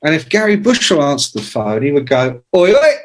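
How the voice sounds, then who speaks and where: Older man telling lively stories. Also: on the high side, a little fast. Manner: animated anecdotes with shouted imitations; swears casually. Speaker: interview guest, music journalist. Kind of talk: casual storytelling.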